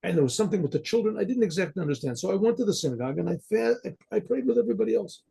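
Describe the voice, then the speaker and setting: A humble woman in her nineties, hesitant and earnest, plain-spoken as she pleads. A man with a gravelly, husky voice gives her lines as he tells the story. Her tone stays mellow and lively. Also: high voice, very fast, pitched above the performer's own voice, exaggerated voice. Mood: shy. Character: very old humble woman, barely literate, embarrassed.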